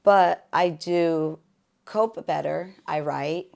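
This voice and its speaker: Low soft-voiced woman, gravelly. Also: takes it slowly. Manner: soft-spoken, emotional, many "like" fillers. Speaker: podcast guest. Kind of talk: personal testimony.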